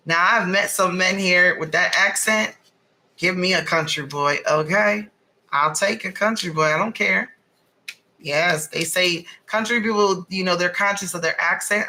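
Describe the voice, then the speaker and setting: Salty woman doing a tarot reading, super bright edgy voice, talks straight, cusses a lot. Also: lowish voice, a little slow, poor audio. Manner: blunt, salty and animated, swears freely. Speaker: tarot reader. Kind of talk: casual spiritual tarot reading.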